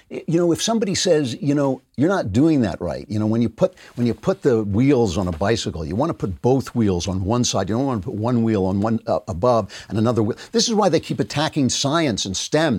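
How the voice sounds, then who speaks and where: A man's voice: medium pitch, a little mellow, slightly rough, no room sound. A middle-aged man hosting a podcast, delivering a sarcastic political commentary monologue and mocking his opponents' views. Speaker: podcast host.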